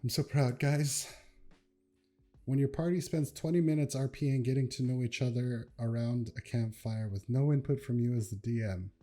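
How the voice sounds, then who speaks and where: A young man chatting casually while reacting to memes at his computer, laid-back and quick to laugh. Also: mid-range voice, fairly even intonation, dark tone, faint music behind.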